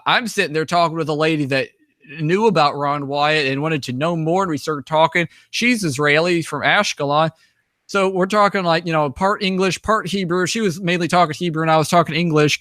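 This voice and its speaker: A young man recounts his travels in a loose, rambling way, full of restarts and "you know"s. His voice is bright and fairly high for a man. The recording is close and dry. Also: dry recording. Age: young adult. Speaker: guest, author and traveler. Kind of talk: casual storytelling over slides.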